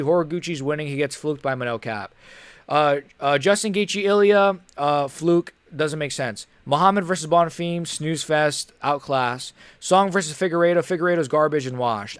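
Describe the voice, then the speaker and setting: Young man, higher voice, live reaction chat, rambling and frustrated, dry close sound. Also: smooth, no echo. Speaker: livestream host.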